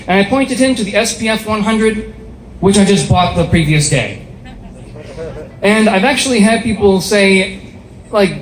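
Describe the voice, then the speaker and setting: A young man from upstate New York doing a deadpan, self-deprecating stand-up set on a small bar stage, speaking through a face mask. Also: sits high, moderate pace. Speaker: stand-up comedian. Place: small bar stage before a live audience. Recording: echoey bar room with faint ambience.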